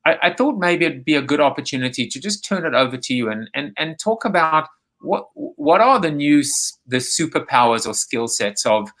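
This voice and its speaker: A man's voice: on the high side, very animated, normal speed, a bit bright. A man hosting a live video chat show, joking and rambling as he reads out viewer comments over a video call.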